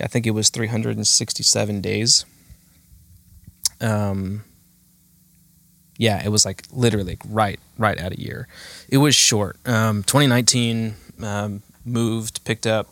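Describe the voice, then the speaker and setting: A man's voice: fairly low pitch, fairly bright tone, dry recording. A man in his thirties hosting a podcast, chatting casually in a rambling, self-mocking way full of fillers. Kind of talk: casual chat.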